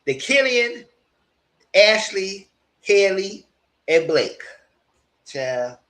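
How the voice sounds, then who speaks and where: Man, reality tv commentary, gossipy, profane, fairly high voice, very lively pitch. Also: drawn-out words. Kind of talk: casual commentary.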